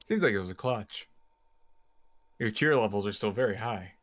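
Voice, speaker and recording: A man's voice: lowish voice, lively intonation, normal speed, loud music behind the voice. A man co-playing a game on stream, musing casually with lots of fillers and swearing. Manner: laid-back, swearing, filler-heavy musing. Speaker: co-player on stream. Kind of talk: casual let's-play commentary.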